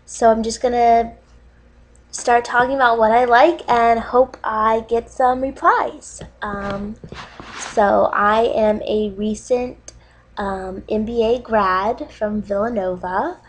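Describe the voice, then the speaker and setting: Gal acting out a high-voiced nervous cat lady, young, slow and hesitant, keeps choking up over cats. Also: fairly even intonation, low-quality recording. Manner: hesitant, full of ums, breaks into sobbing. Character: nervous cat-obsessed young woman, weepy, gushing. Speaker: comedy sketch character. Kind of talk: comedic dating-video monologue.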